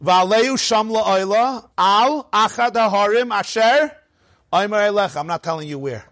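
A man with a high, very lively voice leads a Torah class, bouncing between rhetorical questions and quick jokes. His delivery is animated and playful. The recording is dry and close. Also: dry recording. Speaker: rabbi teaching a class.

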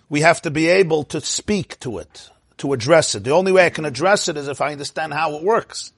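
A man giving an informal Torah lecture in a lively, joking way, acting out inner voices. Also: on the high side, fast talker, slightly rough, no room sound, studio quality. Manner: animated, acts out inner voices, laughs at own jokes. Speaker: Torah class teacher.

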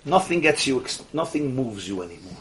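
Male rabbi teaching a class, mid-pitched and emphatic, with a faint hiss behind. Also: very animated, fairly quick. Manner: emphatic, repeats key phrases, asks the audience questions. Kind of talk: religious study class.

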